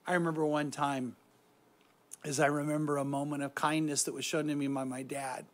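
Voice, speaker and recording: A middle-aged man giving a reflective devotional talk on meditation, soft-spoken and often trailing off quietly. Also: on the high side, level tone, a little fast. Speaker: Christian speaker guiding meditation.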